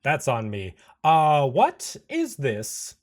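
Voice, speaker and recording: A man's voice: mid-range voice, wildly swooping pitch, slow. Man playing a flustered, baffled lawman. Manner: exasperated, flustered.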